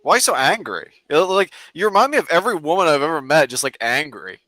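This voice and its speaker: Man on a stream call, bright voice, dry close sound, easygoing and needling. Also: on the high side, very animated, fast talker, no echo. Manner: needling, laid-back, teasing. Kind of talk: casual stream chat.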